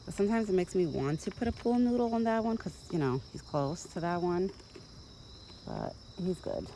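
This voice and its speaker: A young woman vlogger with a lowish, mellow voice and big pitch swings feeds a backyard deer, chatting at a moderate pace to her phone camera in a rural yard. She rambles and talks fondly to the animal. The low-quality recording has slight background noise, including insects and countryside ambience.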